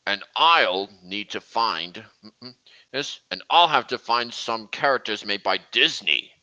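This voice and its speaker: Excitable, bright-voiced man hosting a stream. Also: on the low side. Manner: halting and excitable, with many restarts. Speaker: stream host. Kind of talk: casual live-stream chat. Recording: dull lo-fi stream audio.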